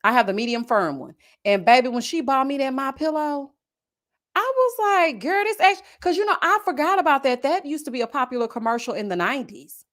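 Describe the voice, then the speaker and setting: A woman, a reality-show reviewer chatting casually with her live viewers, expressive and full of slang, calling them girl and honey. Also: high-pitched, quick pace.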